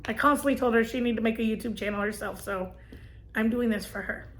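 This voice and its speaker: A woman, telling a personal story and giving gentle, earnest advice to camera as a vlogger. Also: fairly high pitch, fairly quick, slight background noise. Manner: earnest, gentle, emotional at times.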